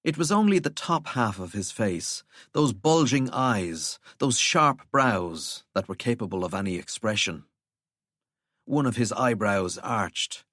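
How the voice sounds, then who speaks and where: A man reading an audiobook as narrator, in an expressive storytelling manner. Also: lowish voice, measured pace, no echo, studio quality. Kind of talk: scripted narration.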